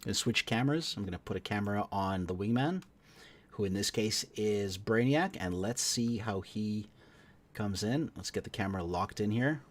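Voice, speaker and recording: A man's voice: fairly low pitch, animated, moderate pace. A man hosting a live stream, giving upbeat play-by-play commentary with joking banter.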